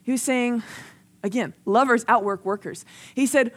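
A woman's voice: a little high, normal speed. Earnest, conversational young woman preaching. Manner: conversational and earnest, acts out quoted voices. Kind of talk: sermon.

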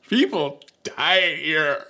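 A man's voice: high-pitched, sharp tone, voice pushed up, heavily acted. A man voicing an upset young woman who is tearful, furious and accusing as he retells a story. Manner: indignant, accusing.

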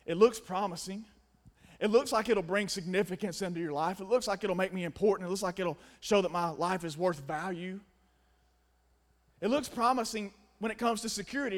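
A young man preaching a sermon, emphatic, swinging between loud stresses and quiet asides. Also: sits high, normal speed.

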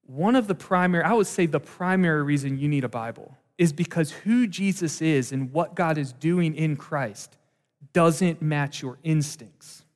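Man preaching in a reverberant hall. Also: on the high side. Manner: conversational, animated preaching with asides. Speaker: pastor. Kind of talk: sermon.

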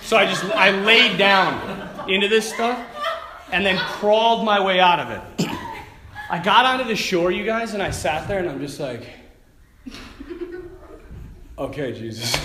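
A male priest gives a casual, animated sermon, laughing often as he tells his stories. His voice sits on the higher side. The talk rings with room echo over a faint background hum. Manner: animated, laughing, conversational storyteller. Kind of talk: informal sermon. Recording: echoey room.

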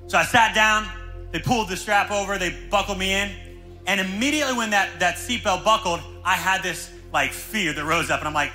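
A male pastor preaching a sermon in a church, telling stories with lively energy. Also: high-pitched, fast talker, faint music behind, low-quality recording. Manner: energetic, animated storytelling.

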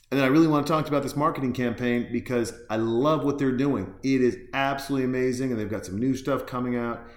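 A man's voice: mid-range voice, fast, reverberant. A man hosting a podcast in casual chat, rambling loosely with lots of fillers and restarts. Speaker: podcast host. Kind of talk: casual chat, reacting to a film while drinking beer.

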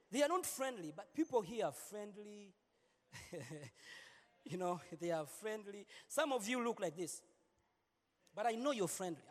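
In a large church, a pastor with a high-pitched, fairly bright voice preaches a sermon, playfully joking with his congregation and repeating words as he goes. Long hall reverb fills the recording.

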